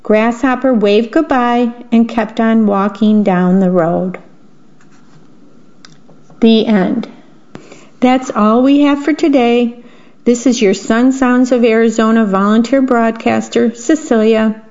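A woman's voice: fairly high pitch, slow pace. Woman reading a bedtime story on radio. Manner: gentle, steady storytelling. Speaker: volunteer radio reader. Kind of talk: bedtime story read-aloud. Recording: dull lo-fi radio broadcast.

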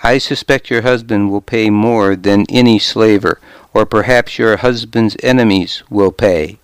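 A man's voice: fairly low pitch, steady tone, a little slow, smooth, no room sound, low-quality recording. A man voicing a confident warrior lord in an audiobook, with dry, wry humor. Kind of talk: audiobook character reading.

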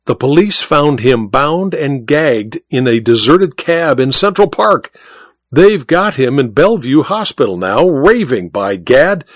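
A man voicing an excitable, well-dressed gentleman who rushes in with alarming news. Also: medium pitch, no room sound, studio quality. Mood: agitated. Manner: excited, insistent, breathless urgency. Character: excitable dapper gentleman bearing urgent news.

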